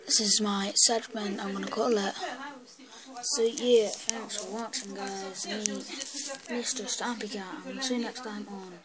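A woman's voice: medium pitch, steady tone, unhurried, a crowd in the background. A woman casually talking through a screen-recorded tutorial on a built-in computer mic. She clowns around and mutters to herself as she clicks. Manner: goofy, clowning, muttering asides while clicking. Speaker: vlogger.

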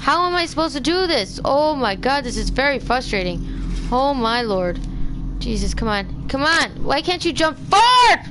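A woman's voice: high voice, very animated, normal speed, noisy background. A young woman streaming a game, talking in exasperated, swearing bursts of frustration. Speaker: gaming streamer. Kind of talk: live let's play commentary.

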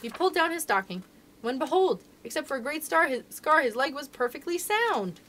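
A woman librarian reading a children's storybook aloud in an expressive, sing-song storyteller manner. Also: high-pitched, a little fast, slight background noise.

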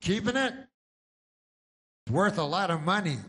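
A man voicing a pushy older male pitchman from a gold commercial, talking in a loud salesy pitch. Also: animated, normal speed.

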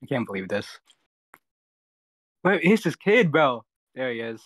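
Here a young man fills in as the streamer's friend handling the chat, casually talking while flustered and joking to himself. His fairly bright, medium-pitched voice swings widely in pitch at a measured pace, with no echo.

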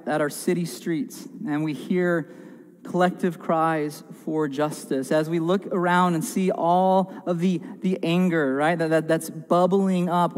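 High-pitched guy preaching, earnest and emphatic, lots of repeating, long churchy echo. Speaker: pastor. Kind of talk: sermon. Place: church sanctuary.

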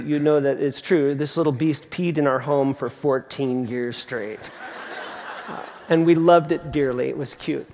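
A middle-aged man preaching a sermon as pastor, conversational and animated, with emphatic repeats. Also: fairly high pitch, gravelly. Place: large theatre. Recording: long hall reverb from a theatre.

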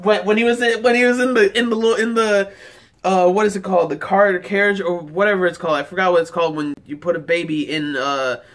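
A man's voice: high-pitched, steady tone, fast talker, a bit bright. A man giving a casual, rambling, enthusiastic episode review, with lots of "like" fillers. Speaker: anime reaction reviewer.

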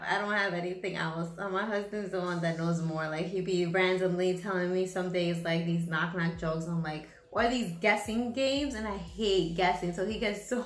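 A woman's voice: lowish voice, normal speed, a bit bright, echoey room. A woman hosting her own channel, chatting casually and rambling with lots of fillers. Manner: rambling, many fillers, laughs at own jokes. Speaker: channel host. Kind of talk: casual vlog chat.

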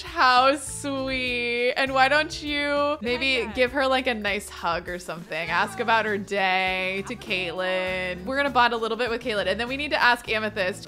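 Brief: chatty, exclamatory woman host of a gaming channel, bright and high-pitched. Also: animated, moderate pace, hardly any pauses, soft background music. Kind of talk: let's play commentary.

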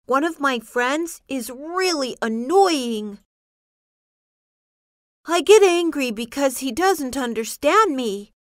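A woman slowly reading short example sentences in a child's part, carefully enunciated. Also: high voice, expressive, no echo, studio quality. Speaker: narrator voicing a child's lines. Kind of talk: slow scripted phrase reading.

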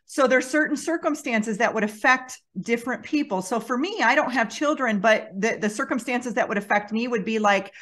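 A woman's voice: on the high side, moderate pace, few pauses, fairly bright tone. A woman hosting a podcast, talking in a reflective, conversational way with frequent restarts. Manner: reflective, many restarts and "you know". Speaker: podcast host. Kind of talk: conversational interview.

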